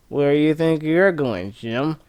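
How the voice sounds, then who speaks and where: A man imitating a mild-mannered male cartoon basset hound in a slow, drawling voice. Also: lively intonation, darkish tone, clear, resonant tone, no echo, clean studio sound.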